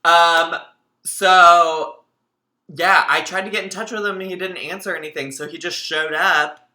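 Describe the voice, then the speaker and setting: A man's voice: fairly high pitch, unhurried. A man hosting a livestream, chatting casually and telling stories animatedly to his viewers. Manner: chatty, animated storytelling, addresses viewers as y'all. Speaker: livestream host. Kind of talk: casual reaction commentary.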